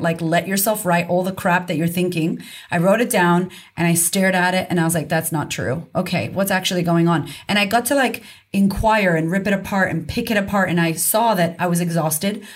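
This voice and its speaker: A woman being interviewed as a confidence coach, speaking frankly and emphatically with casual swearing. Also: on the low side. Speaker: guest, confidence coach and author. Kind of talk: candid conversational interview.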